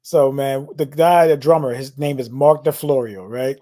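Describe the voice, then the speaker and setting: A man co-hosting a casual podcast, telling a story in a lively, laid-back way with plenty of slang. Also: mid-range voice, moderate pace. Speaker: podcast co-host, musician.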